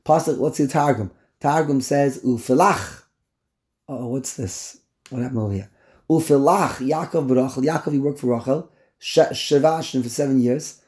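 Animated man teaching a Torah class. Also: mid-range voice, moderate pace. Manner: mixes Yiddish and Hebrew terms into English, stammering restarts, incredulous outbursts.

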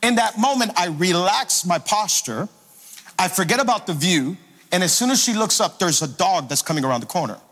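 A man preaching to his congregation as a pastor, energetic and playful, calling out to the crowd. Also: sits high, brisk. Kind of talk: sermon. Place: church sanctuary. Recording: long hall reverb with faint music.

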